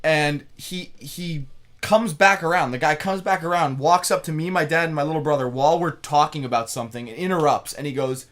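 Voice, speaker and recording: A man's voice: fairly high pitch, brisk, a bit bright. Young guy telling crude stories. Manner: laughing, crude storytelling with swearing. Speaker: podcast co-host. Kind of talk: casual podcast chat.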